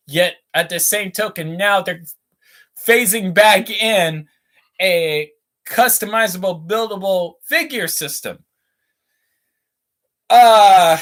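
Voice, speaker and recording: Young male streamer, high-pitched voice, unhurried delivery, rambling casual rants while building. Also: a bit bright. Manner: rambling, ranting, reads chat aloud. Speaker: livestream host building toy models. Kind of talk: casual livestream chat.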